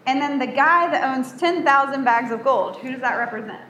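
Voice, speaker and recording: Woman, casual sermon, conversational, asks the group questions, fairly high voice, roomy echo, faint background hum. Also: a little fast, fairly bright tone. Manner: chatty, asks the room questions. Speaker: speaker teaching a group. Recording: echoey room with faint ambience.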